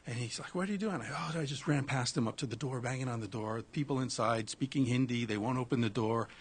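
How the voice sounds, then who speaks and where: A man telling a personal travel story in casual conversation, animated, with frequent restarts and swearing. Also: mid-range voice, slightly rough.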